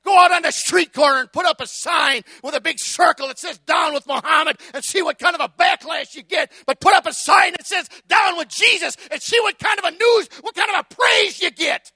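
Male preacher, very high, piercing, hollering a fiery sermon in long emphatic litanies, dry close sound. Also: fairly quick, hardly any pauses, no room sound. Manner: shouting, emphatic, building litanies; repeats words when starting a phrase.

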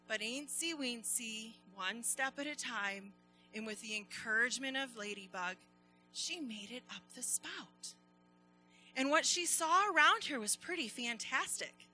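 Bright, high-voiced woman telling a children's story. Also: measured pace, soft background music, low-quality recording. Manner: animated, addressing children.

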